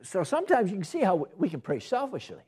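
A man delivers a sermon in a husky, mellow voice. His pitch swings widely as he leans into points, and he often repeats or restarts phrases and puts questions to his listeners. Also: wildly swooping pitch, fast talker. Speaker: preacher.

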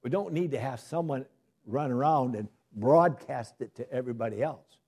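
A man preaching a sermon, shifting from loud emphasis to soft asides. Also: medium pitch, normal speed, breathy edge.

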